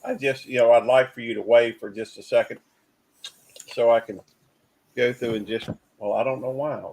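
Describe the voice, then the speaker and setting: A man hosting a casual live stream, talking in halting, repeated starts as he greets callers and tells a dad joke. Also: medium pitch, fairly even intonation, a little mellow, a little hiss or hum, low-quality recording. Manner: halting, repeats words, cautious. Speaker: stream host.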